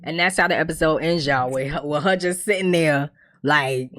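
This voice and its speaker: Blunt, animated woman recapping TV. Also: low-pitched, moderate pace. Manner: animated, blunt and profane, acts out characters' lines. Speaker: TV recap host. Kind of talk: casual recap chat.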